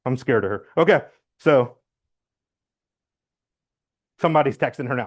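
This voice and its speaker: A man giving a loud, blunt, joking talk to his real estate team, acting out phone calls as he goes. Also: mid-range voice, expressive, normal speed, pauses often. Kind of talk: motivational team meeting talk. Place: meeting room.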